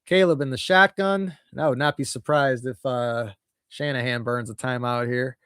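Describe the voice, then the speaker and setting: A young man giving nervous, excitable fan play-by-play of a football game, his voice jumping during big plays. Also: medium pitch, moderate pace, clear, resonant tone, dry recording, clean studio sound. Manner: nervous, excitable, voice jumps when plays unfold. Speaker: fan commentator.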